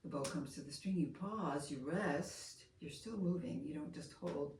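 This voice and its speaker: A woman teaching a hands-on movement lesson, talking in a gentle, soft-spoken, unhurried way. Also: deep voice. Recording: roomy, from far off, faint room noise.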